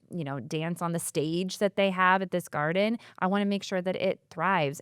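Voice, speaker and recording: A woman's voice: on the low side, smooth, no room sound, clean studio sound. A woman from a community foundation talking in a casual, heartfelt podcast conversation, speaking chattily and often saying "like".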